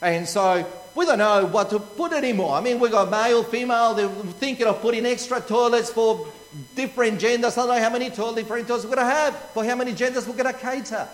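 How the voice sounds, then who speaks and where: A man's voice: very high-pitched, fast talker. A man with an Australian accent preaching a sermon, emphatic and repetitive, asking rhetorical questions. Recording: long reverb of a large hall.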